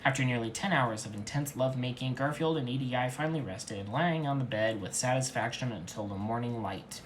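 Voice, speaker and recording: A man reads fan fiction aloud with a deadpan, earnest delivery, straight-faced throughout. His voice sits at a middle pitch, with a faint hiss of noise underneath. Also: a little fast, low-quality recording. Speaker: reader.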